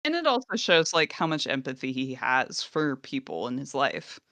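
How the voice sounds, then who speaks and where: A woman's voice: a bass voice, big pitch swings, normal speed, a bit bright, no echo. A woman co-hosting a podcast, casually recapping an episode, laughing often and acting out quoted lines. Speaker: podcast co-host.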